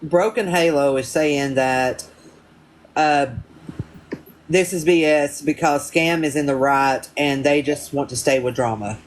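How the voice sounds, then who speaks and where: A man on a livestream call, quick to judge and dismissive in tone. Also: a little high, a little hiss or hum, rough recording. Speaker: livestream guest. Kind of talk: casual livestream chat.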